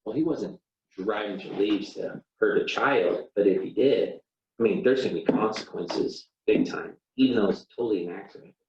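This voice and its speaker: A man's voice: fairly low pitch, normal speed, a little mellow, slight background noise. A man teaching a classroom lesson, talking casually, acting out sample apologies with plenty of "you know"s. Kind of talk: classroom lecture. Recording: roomy, dull classroom recording from far off.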